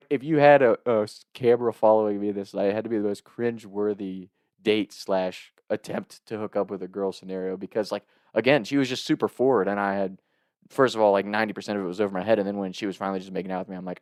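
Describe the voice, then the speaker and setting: Casting: man, lower voice, dry close sound, chatty comic storyteller who keeps cracking up. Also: fast, dry recording. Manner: laughs often, animated, swearing, filler-heavy. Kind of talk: casual comedic storytelling.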